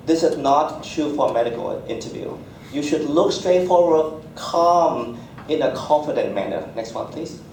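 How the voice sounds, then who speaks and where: A man lecturing to a room of students in short, instructive phrases, his voice a little higher than most men's. He was recorded from across a large, very echoey hall. A faint hum of the room sits under his speech. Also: lively intonation, a little slow, a little mellow, far from the mic. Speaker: physician giving an interview workshop talk. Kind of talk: live workshop lecture. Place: large room at a community college.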